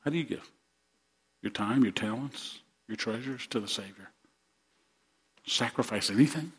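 A man's voice: medium pitch, normal speed, fairly bright tone. A male pastor preaching a sermon to his congregation in earnest, repeating words as he builds to rousing emphasis.

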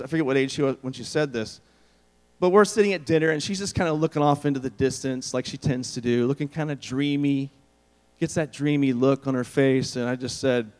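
A middle-aged man preaching a sermon, telling stories and acting out the quotes. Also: fairly high pitch. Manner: storytelling, animated, acts out quotes. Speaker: pastor. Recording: long hall reverb.

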